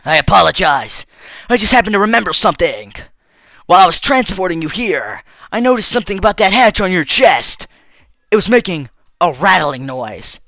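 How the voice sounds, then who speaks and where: A man voicing a polite, formal robot helper in a calm, measured way, dubbing a game. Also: sits high, no echo, studio quality, heavily acted. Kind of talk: let's play voice dubbing.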